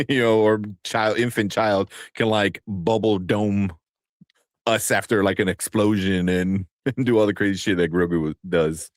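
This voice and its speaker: A man in his thirties co-hosting a casual chat, acting out stories about his kids with big jumps in pitch. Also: steady tone, moderate pace, no echo, clean studio sound. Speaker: podcast co-host.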